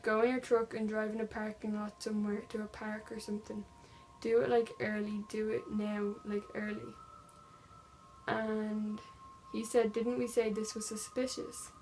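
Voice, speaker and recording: A woman's voice: medium pitch, darkish tone, a little hiss or hum, poor audio. A young woman vlogger casually retelling a true-crime story, reading text messages aloud with lots of "like" fillers.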